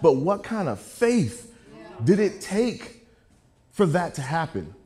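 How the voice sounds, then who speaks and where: A male preacher telling a sermon story, his voice bouncing up and down with lively energy and a fairly high pitch. He jokes at his own expense and keeps the room engaged with quick asides. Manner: animated, joking storyteller.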